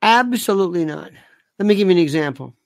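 A man's voice: high-pitched, expressive, quick pace, gravelly, dry recording. A man delivering a rambling monologue, firing off sarcastic rhetorical questions and repeating himself for emphasis.

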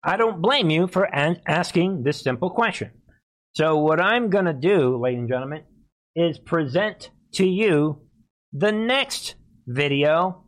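A man's voice: a little high, animated, unhurried. Emphatic man hosting political commentary. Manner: emphatic and repetitive, keeps calling out to viewers. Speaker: host of a political commentary channel. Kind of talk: live-streamed political commentary.

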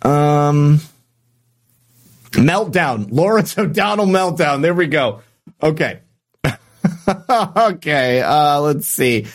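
Brief: male stream host, somewhat high voice, casual and chatty, reads out viewer comments. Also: slow pace. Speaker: live-stream show host. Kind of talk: casual live-stream chat.

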